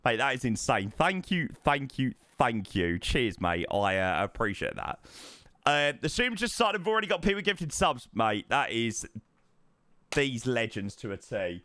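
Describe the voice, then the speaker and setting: A man live-streaming a flight sim, chatting excitedly and thanking subscribers, calling everyone mate. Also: mid-range voice, a little slow, dry recording. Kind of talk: live stream chat while flying.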